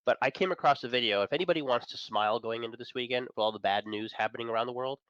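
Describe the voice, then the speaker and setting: Fast-talking opinionated man on a dull line. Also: medium pitch, a bit bright, no room sound. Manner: fast, enthusiastic, opinionated, chuckles between points. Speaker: guest, managing editor of an entertainment and tech site. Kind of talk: casual chat.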